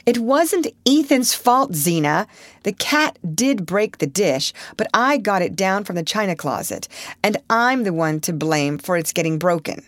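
A woman voicing a timid, gentle young woman who speaks hesitantly. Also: medium pitch, moderate pace, few pauses, dry recording, clean studio sound, pitched above the performer's own voice, natural voice.

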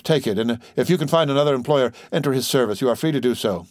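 A man's voice: mid-range voice, quick pace, a little mellow, dry recording, studio quality, close to an everyday voice. A man voicing a ruined middle-aged ship-owner who speaks formally and mournfully. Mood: grave.

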